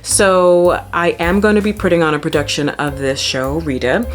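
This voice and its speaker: A woman's voice: low-pitched, fairly even intonation, moderate pace, soft background music. A young woman who is an opera singer and channel host, chattily and enthusiastically explaining an opera plot.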